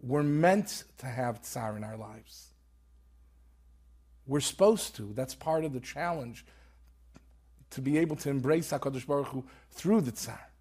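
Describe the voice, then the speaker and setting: A man's voice: mid-range voice, lively intonation, unhurried, pauses often, darkish tone, slightly rough. A man, an author and rabbi, telling a story earnestly in conversation and peppering it with Hebrew terms. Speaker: author guest.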